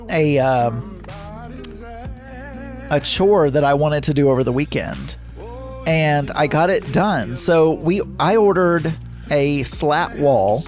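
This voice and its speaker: A man's voice: a little high, a little mellow. A man hosting a casual solo show, rambling with frequent restarts and self-corrections. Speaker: podcast host.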